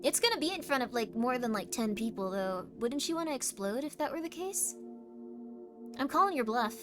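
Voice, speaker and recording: A fairly high-voiced woman hosting a casual livestream, chatting with her viewers in a teasing, playful way. She sometimes pushes hard with loud, insistent demands. Clear background music plays under her voice throughout. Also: expressive, fairly quick. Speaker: livestream host. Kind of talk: casual livestream chat reading viewer messages. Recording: stream with music playing underneath.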